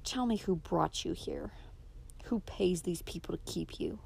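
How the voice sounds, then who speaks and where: A woman's voice: lowish voice, fairly quick, darkish tone, lightly acted. A woman reading the part of a proud, domineering older father who speaks coldly and storms in anger. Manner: cold, then storming in rage.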